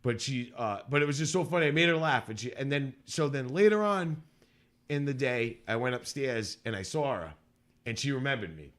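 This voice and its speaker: A man's voice: mid-range voice, lively intonation, moderate pace, fairly bright tone. A man co-hosting a podcast, telling a story in casual chat, laughing often and acting out quotes in a raised voice. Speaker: podcast co-host.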